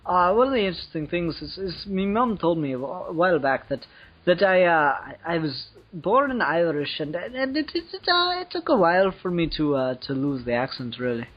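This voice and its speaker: A man's voice: high voice, big pitch swings, fairly quick. A young man hosting a casual chat who stammers through restarts, jokes crudely and laughs often. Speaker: podcast host. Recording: dull lo-fi recording, faint music.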